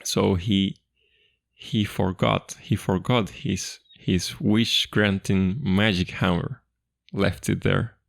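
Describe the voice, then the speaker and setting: A man with a deep, gravelly voice walks through a folktale reading line by line. He keeps it relaxed and chatty, repeating phrases as he explains. The sound is close and dry, with no room around it. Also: takes it slowly, no echo. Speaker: language teacher.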